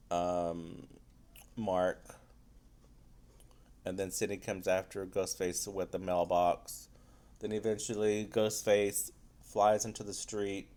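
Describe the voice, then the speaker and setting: A man's voice: sits low, darkish tone. A man giving a casual spoiler review of a film, loose and rambling, with frequent swearing.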